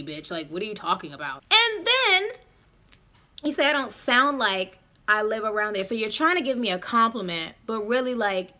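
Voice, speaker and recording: A young woman in her twenties telling a storytime straight to her viewers, animated and profane. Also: mid-range voice. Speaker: vlogger. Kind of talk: casual storytime.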